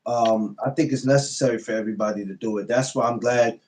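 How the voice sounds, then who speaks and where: A man's voice: medium pitch, steady tone, fast, a little mellow, poor audio. A man telling stories in a laid-back casual podcast chat. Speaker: podcast co-host.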